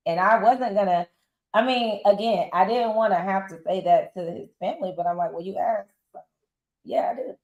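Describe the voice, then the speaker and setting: A woman in her forties with a mid-range voice speaks at a moderate pace, and the recording is reverberant with the highs cut off. As a reality show guest, she tells her story bluntly and casually, full of slang. She's animated in this candid interview, acting out other people's lines in quotes.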